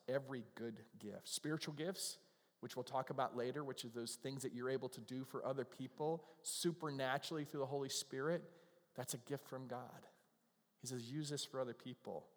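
A man preaching a conversational sermon, earnest and quick to be moved. His voice sits at an ordinary middle pitch. A long hall reverb trails every phrase, as in a church sanctuary. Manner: conversational, earnest, gets emotional. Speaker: pastor.

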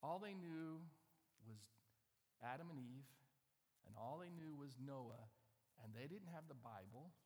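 A man's voice: mid-range voice, expressive, a little slow, long pauses, darkish tone, big-room sound. A man preaching a sermon in a conversational way, often asking the audience questions. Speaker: pastor.

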